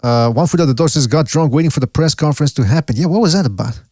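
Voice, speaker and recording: A man's voice: on the high side, fast talker, a little mellow, no echo, clean studio sound. A man hosting a live podcast in casual chat, rambling and often breaking off mid-sentence, swearing freely. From Canada. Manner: rambling, self-interrupting, profane. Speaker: podcast host.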